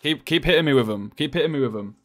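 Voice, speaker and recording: A young man, chatting casually and joking while playing a game, often swearing and getting excited. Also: medium pitch, fast talker. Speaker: gaming streamer.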